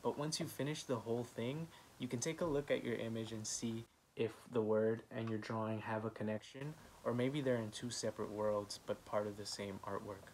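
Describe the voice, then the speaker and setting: Gentle low-voiced man teaching art. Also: fairly even intonation, normal speed, few pauses, a little hiss or hum. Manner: gentle, encouraging, many "um" fillers. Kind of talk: children's art lesson.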